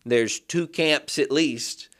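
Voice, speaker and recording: A man's voice: a little high, slow, a bit bright. A man who teaches Hebrew, a guest on a podcast, explaining his ideas thoughtfully and building them up step by step. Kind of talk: explanatory interview talk.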